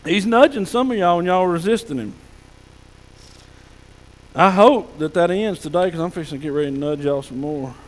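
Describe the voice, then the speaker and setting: A male pastor preaching a folksy sermon, sometimes dropping to a soft hush. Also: on the high side, moderate pace, pauses often, long reverb tail, rough recording. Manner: folksy preaching, drops to soft hushed tones for God's whispers. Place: church sanctuary.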